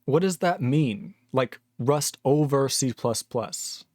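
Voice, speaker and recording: A young man in his twenties ranting casually on a live-coding stream, reading chat aloud, animated and sweary. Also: medium pitch, slow pace, dry recording. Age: 20s.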